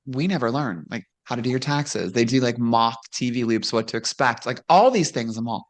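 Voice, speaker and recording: A former pro wrestler, appearing as a guest, chats casually with a very deep, lively voice at a fairly quick pace. She tells her stories frankly, laughs often and acts out quoted dialogue.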